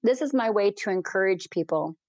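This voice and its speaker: A woman in an interview recounts her flights with heartfelt, animated energy, her speech rushing in quick bursts. She has a mid-range voice for a woman. The recording is dry and close, with no room sound. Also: mid-range voice, dry recording. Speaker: hot air balloon pilot, guest. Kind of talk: emotional storytelling in a podcast interview.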